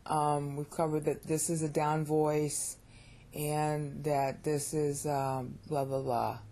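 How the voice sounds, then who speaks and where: A woman's voice: low-pitched, little pitch movement, takes it slowly, mellow. Opinionated American woman teaching pronunciation. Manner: opinionated, repeats words while thinking aloud. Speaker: language teacher. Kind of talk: informal lesson on pronunciation.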